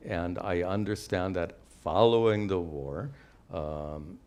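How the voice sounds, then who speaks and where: An older man with a very deep voice explains spiritual teachings to students. He speaks patiently and walks through each idea step by step, with touches of gentle humor. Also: slow pace, clear, resonant tone. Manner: patient, explanatory, lightly joking. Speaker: spiritual teacher answering questions. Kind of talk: live Q&A teaching.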